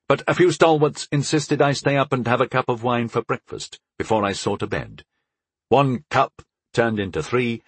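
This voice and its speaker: A man narrating a first-person fantasy story in an expressive storytelling manner. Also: mid-range voice, breathy edge, dry recording. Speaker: audiobook narrator.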